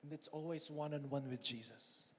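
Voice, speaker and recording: A man with a Filipino accent preaching a sermon, switching between Tagalog and English and swinging from loud calls to hushed whispers. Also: on the high side, fairly even intonation, moderate pace, a little hiss or hum. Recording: long echo in a big hall.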